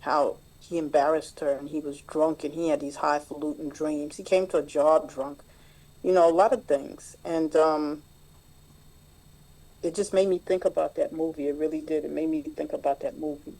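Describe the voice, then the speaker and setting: Mellow-voiced woman sharing at a meeting. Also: deep voice, fairly even intonation, moderate pace, poor audio. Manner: plain, reflective storytelling with many fillers. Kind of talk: personal share at a recovery meeting. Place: online group meeting.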